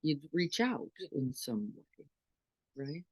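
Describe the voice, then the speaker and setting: A woman's voice: sits low, sing-song, takes it slowly, slightly rough. A middle-aged woman meditation teacher giving an earnest dharma talk, full of rhetorical questions to her listeners.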